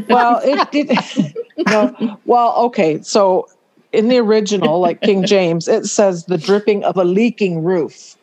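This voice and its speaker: A middle-aged woman co-hosting a faith podcast, chatting casually, laughing often and slowing down to stress words. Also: medium pitch, darkish tone. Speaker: podcast co-host.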